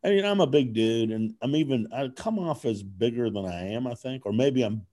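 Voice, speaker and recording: A man from Kentucky chatting casually, a loud and animated storyteller who acts out voices in his anecdotes. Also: mid-range voice, a little fast. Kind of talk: casual chat. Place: lives in California.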